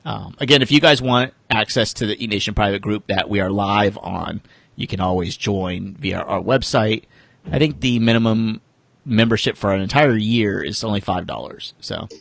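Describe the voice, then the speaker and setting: Male podcast co-host, low and gravelly, dry mic, casual joke-teller. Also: moderate pace, a bit bright, no echo. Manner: joking, loose storytelling.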